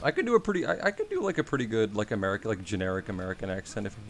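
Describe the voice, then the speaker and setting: A man's voice: on the low side, wildly swooping pitch, racing, a little hiss or hum. A man from Australia chatting casually on his stream, rambling and wry, swearing now and then.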